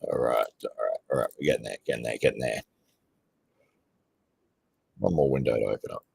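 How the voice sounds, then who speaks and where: Deep-voiced man chatting on a live stream. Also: fairly quick, creaky, a little mellow, slight background noise. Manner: chatty, laughs often, rambles between tasks. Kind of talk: casual live-stream commentary.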